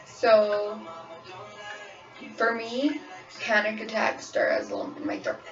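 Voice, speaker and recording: A woman's voice: mid-range voice, big pitch swings, slow, far from the mic, faint music behind. A young woman who works as a waitress, talking candidly in a personal vlog about her own experience. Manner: candid, frank, storytelling. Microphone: phone camera. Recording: dull lo-fi phone recording, voice a bit off-mic, pop song playing behind. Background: pop song playing on repeat.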